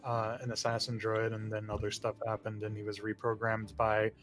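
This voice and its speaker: A man's voice: on the low side, monotone, moderate pace, fairly bright tone, faint music behind. A man narrating as game master, rambling with many fillers and frequent laughs.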